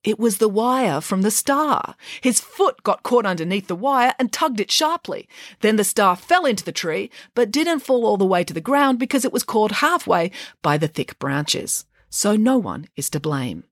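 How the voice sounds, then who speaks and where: A woman reading aloud and voicing a coolly logical schoolgirl detective who speaks flat and matter-of-fact. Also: mid-range voice, moderate pace, no room sound, studio quality, pitched above the performer's own voice. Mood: deadpan.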